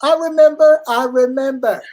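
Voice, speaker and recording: A man co-hosting a casual chat, telling animated stories and acting out his family's voices, swearing freely. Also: very high-pitched, normal speed, rough recording. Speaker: co-host.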